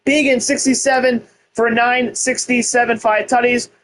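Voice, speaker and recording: Male gaming creator, casual commentary, fast stat rundowns, mock-announcer hype, swears now and then. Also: very high voice, level tone, a bit bright. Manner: rattles off stats, hype announcer phrases, swears. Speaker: gaming YouTuber.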